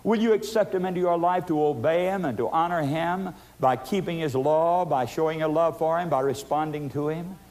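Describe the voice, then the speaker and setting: A man's voice: on the high side, moderate pace, hardly any pauses. Dramatic preacher man pleading with listeners. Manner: dynamic, dramatic swings from loud pleading to hushed intensity; appeals to listeners as "friends". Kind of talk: evangelistic sermon.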